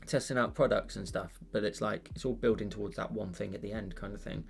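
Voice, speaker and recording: A man's voice: lowish voice, steady tone, fairly quick, gravelly. A British man hosting an art channel, chatting casually on a live stream while he draws, rambling with lots of fillers and restarts.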